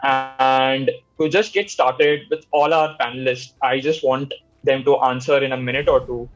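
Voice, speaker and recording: A man's voice: mid-range voice, steady tone, a little slow, muffled recording, faint music behind. Man moderating a video-call panel. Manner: hesitant, many "you know" fillers.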